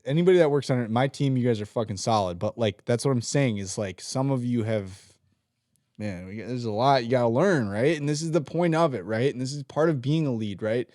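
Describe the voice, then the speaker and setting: A man's voice: mid-range voice, fairly quick, no echo, clean studio sound. A man co-hosting a podcast in casual chat, ranting heavily and swearing freely; he leads a team at work. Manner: profane, ranting, animated. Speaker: podcast co-host.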